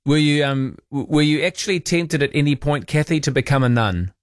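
A man's voice: a little high, brisk, dry recording, studio quality. A man hosting talkback radio, chatty and teasing, poking fun at himself. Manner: chatty, teasing, self-mocking. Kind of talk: casual talkback chat.

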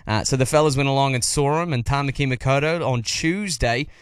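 A man's voice: mid-range voice, brisk, clean tone, no echo. A man hosting a radio show in an easygoing, chatty way on a studio mic. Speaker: radio host. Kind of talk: casual radio links.

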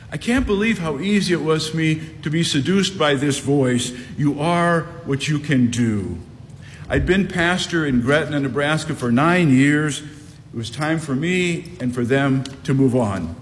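A man in his sixties delivers a sermon with emphatic, deliberate phrasing, stretching his key refrains slowly. His voice sits a little high for a man. The sound carries a long reverb tail over a faint low rumble. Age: 60s. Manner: emphatic preaching with slow drawn-out repeated refrains. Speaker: pastor.

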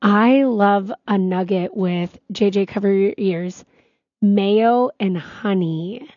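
A woman's voice: mid-range voice, slow, no room sound. Woman, chatty talk-show co-host, dry close mic, slightly dull sound. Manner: chatty, animated storytelling. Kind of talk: casual chat.

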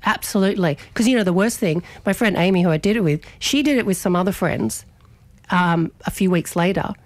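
Woman, radio host, animated storyteller, slightly low voice, dry close sound. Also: fairly quick, dry recording. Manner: animated, chatty, many restarts. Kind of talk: casual storytelling chat on radio.

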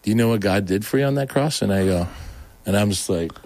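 A man's voice: on the low side, quick pace, darkish tone, dry recording. A middle-aged man from Oregon telling his conversion story in a casual interview, rambling and restarting his sentences and acting out the people he quotes. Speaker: guest telling his testimony.

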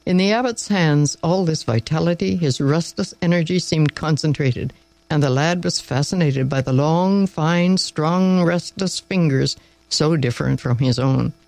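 Gravelly male storyteller, close and dry. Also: a little high, unhurried, a little mellow, no room sound, poor audio. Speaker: storyteller host. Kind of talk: storybook reading.

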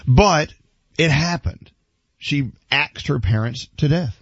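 A husky man hosting a morning radio show, talking casually and quickly jumping in with questions. His voice sounds dry and a little dull, as if heard through a broadcast studio feed. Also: fairly high pitch, no echo. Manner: chatty, animated, quick to interject.

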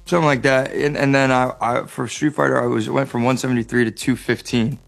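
A young adult man with an American accent, chatting as an interview guest, animated and joking with many fillers and restarts. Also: medium pitch, brisk, gravelly, faint music behind. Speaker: actor guest. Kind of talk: casual interview chat.

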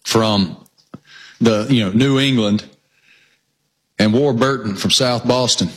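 A man's voice: medium pitch, slow pace, slightly rough. A man co-hosting a casual chat, talking in an enthusiastic, emphatic way. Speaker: co-host.

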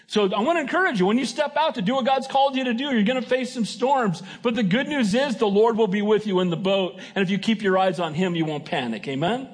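A man's voice: high voice, fast talker, hardly any pauses. A man preaching a sermon as pastor, emphatic and folksy, often asking his congregation "Amen?". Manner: folksy and joking.

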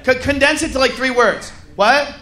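A man stand-up comedian doing crude, loud banter with the audience. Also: very high voice, normal speed. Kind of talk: crowd work. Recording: live venue with crowd and noise.

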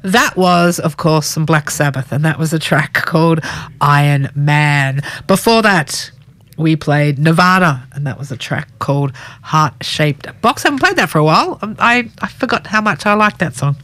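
A middle-aged Australian woman hosting a community radio show in a chatty, relaxed way, her voice slightly croaky from a cold. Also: sits low, normal speed. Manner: chatty, relaxed, with fillers and self-corrections. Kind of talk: casual radio presenting. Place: radio studio. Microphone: studio microphone.

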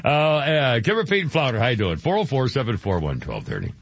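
A man's voice: medium pitch, big pitch swings, fairly quick, a little hiss or hum. A man hosting a radio talk show, rambling, joking and often breaking off mid-sentence. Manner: rambling, self-interrupting, jokey. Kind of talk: casual radio banter. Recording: dull lo-fi radio broadcast.

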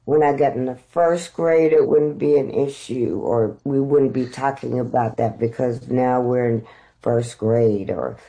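Animated, laughing actress telling stories. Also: female voice, very deep voice, unhurried, low-quality recording. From United States. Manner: animated storyteller, laughs often. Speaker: actress, interview guest. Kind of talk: conversational interview storytelling.

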